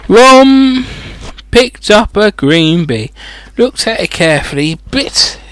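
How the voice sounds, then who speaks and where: A man's voice: a little high, expressive, unhurried, fairly bright tone, no room sound. A man reading a children's fantasy book aloud as a comedic audiobook, breaking off into rambling, sweary, mocking asides. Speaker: audiobook reader.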